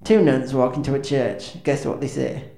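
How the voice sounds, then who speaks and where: In an echoey room with faint ambience, a band's comedic frontman offers awkward, self-deprecating stand-up patter, hesitating through lots of ums and restarts. His mid-range voice is warm with vocal fry, fairly even in intonation and moderate in pace.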